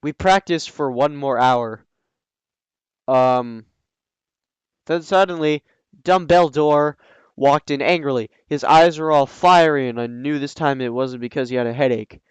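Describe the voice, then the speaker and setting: A man reads a silly story aloud in a fairly high, smooth voice, stopping often to mock it with dry sarcasm. His speech is dotted with ums, and the close, dead-dry sound carries no room at all. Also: measured pace, pauses often, no echo, lo-fi sound. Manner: sarcastic, scoffing asides with frequent ums. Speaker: reader and commentator. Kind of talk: reading a fan story aloud with mocking commentary.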